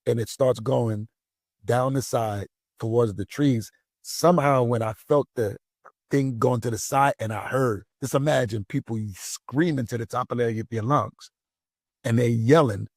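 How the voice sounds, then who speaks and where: A man's voice: medium pitch, a little slow, no echo, studio quality. A man, a pastor, telling a personal story in a casual conversation, acting out the voices of the people in it. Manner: animated storytelling, acts out voices.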